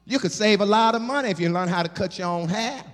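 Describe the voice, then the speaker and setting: Preacher, male, lively call-and-response sermon, echoing sanctuary. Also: sits high, fast. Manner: animated, call-and-response, laughing asides. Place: church sanctuary. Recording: long hall reverb.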